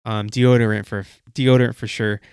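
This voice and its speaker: A man's voice: lowish voice, little pitch movement, normal speed, darkish tone, clear, resonant tone, dry recording, clean studio sound. A young man hosting a car vlog, telling a story casually with lots of fillers and quoted asides. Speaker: car channel host.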